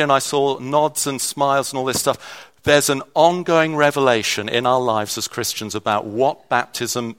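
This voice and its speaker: A man's voice: mid-range voice, sharp tone, smooth. A man preaching a sermon in a conversational way, with restarts and shifting emphasis.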